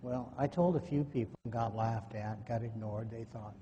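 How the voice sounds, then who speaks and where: Man telling a folksy story at a conference mic, mellow voice, echoey hall, lo-fi old recording. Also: moderate pace. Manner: folksy, acts out quoted dialogue. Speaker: conference speaker. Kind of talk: personal storytelling talk. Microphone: microphone at a podium or in hand. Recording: echoey hall, faint noise, low-quality 2009 recording.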